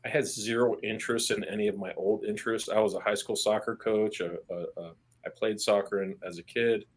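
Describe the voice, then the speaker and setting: A man with a fairly low voice speaks as a guest in a candid podcast interview. He talks in an earnest, plain-spoken way, swears casually, and restarts his phrases when pressing a point. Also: fairly even intonation, fairly quick, slightly rough. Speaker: army veteran guest.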